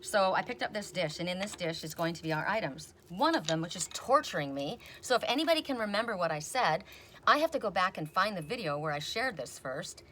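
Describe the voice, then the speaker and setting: Rambling middle-aged woman, lowish voice. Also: brisk, a little hiss or hum. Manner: rambling, animated storytelling with quoted voices. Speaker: oracle card reader. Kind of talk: casual chatty video reading.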